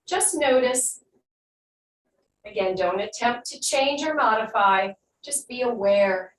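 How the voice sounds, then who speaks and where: Woman fitness instructor, unhurried soothing cues, slightly off-mic in a roomy space with a faint hum. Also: on the high side, distant mic. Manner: calm guiding cues, then slow soothing breath work. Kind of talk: live online fitness class instruction.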